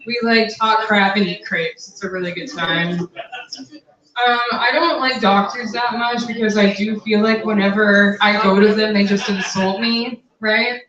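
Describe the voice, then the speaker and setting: A woman's voice: medium pitch, fairly even intonation, unhurried, a bit bright. Young woman doing crude standup, far off mic in an echoey bar, muffled sound, crowd laughing. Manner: brash, crude, conversational punchlines. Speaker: stand-up comic. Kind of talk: stand-up set. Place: basement bar stage. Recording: roomy, distant, dull, crowd laughter.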